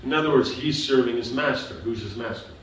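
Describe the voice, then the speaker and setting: A man's voice: mid-range voice, fairly quick. Echoey, distant man teaching scripture. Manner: patient, explaining with repeated checks for understanding. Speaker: spiritual teacher. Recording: echoey room recorded from afar with background noise.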